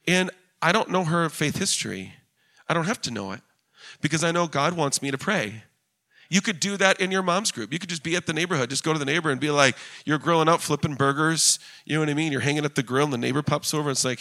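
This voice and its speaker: A middle-aged man preaching a sermon as pastor, telling stories in a conversational way with bursts of excitement. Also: on the high side, fast talker.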